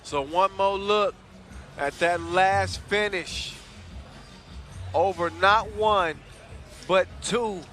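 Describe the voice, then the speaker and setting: A man's voice: sits high, takes it slowly, long pauses, fairly bright tone. Hyped, playful male sports commentator. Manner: hyped, playful, casual slang. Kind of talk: event commentary. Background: music.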